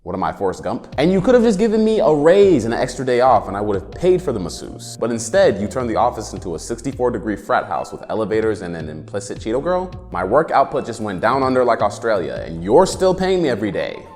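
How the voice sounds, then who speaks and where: A man's voice: medium pitch, sing-song, quick pace, hardly any pauses, a little mellow, in a large hall, soft background music. A man in his twenties doing a sarcastic, slangy comedic rant as the show's host. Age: 20s.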